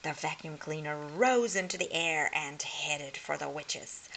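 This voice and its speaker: A woman reading a humorous picture book aloud as a storyteller, slow and expressive. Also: sits low, low-quality recording.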